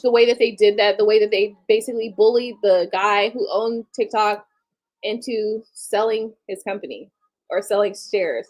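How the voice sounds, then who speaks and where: A woman's voice: medium pitch, normal speed, a little mellow. A woman in her late thirties hosting a casual live stream, talking bluntly and candidly with casual swearing. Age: late 30s. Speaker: livestream host.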